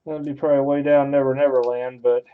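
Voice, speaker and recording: A man's voice: mid-range voice, flat delivery, fast, smooth, phone-quality sound. A man hosting a card break, giving offhand running commentary and thinking aloud as he opens packs. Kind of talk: casual card-opening commentary.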